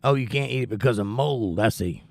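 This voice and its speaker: A man with a creaky, medium-pitched voice speaks fairly quickly in a dry recording. As a livestream host, he reads chat messages out loud and answers them with teasing, wry humor in casual conversation. The flu has left him out of breath and coughing.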